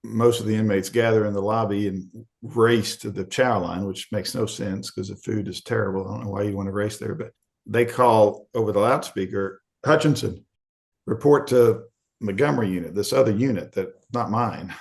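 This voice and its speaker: Man from Arkansas, middle-aged, podcast guest, low voice, gravelly, candid storytelling. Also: steady tone, moderate pace. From Arkansas, USA. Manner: candid, conversational, acts out quoted voices.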